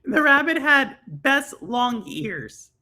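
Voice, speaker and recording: A young woman hosts a casual live stream in a bright, high voice that swings all over its range. She talks loosely to her chat, with plenty of fillers and quick laughs. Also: big pitch swings. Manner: chatty, laughing, lots of fillers. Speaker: stream host reading chat.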